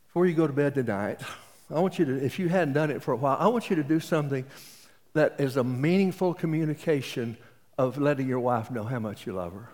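A man's voice: mid-range voice, a little mellow. A man in his late seventies with an East Texas accent, preaching a sermon and telling folksy stories with jokes. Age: 70s. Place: auditorium. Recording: reverberant auditorium.

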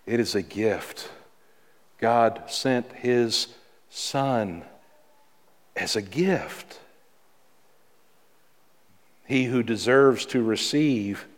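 A man pastor preaching a sermon in a church, with dramatic pauses and repeated words for emphasis. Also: medium pitch, long reverb tail. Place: church sanctuary.

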